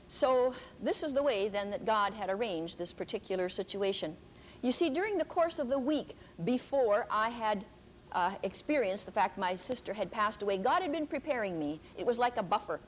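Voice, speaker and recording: An older woman giving a Christian teaching talk, telling a personal story earnestly, with pauses and restarts. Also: mid-range voice, slight background noise, low-quality recording.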